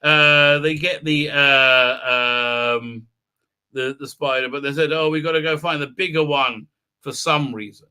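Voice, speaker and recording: Male live-stream host, raised pitch, very bright tone, rambling and sarcastic. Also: steady tone, unhurried, clean tone. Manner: rambling, sarcastic, many fillers.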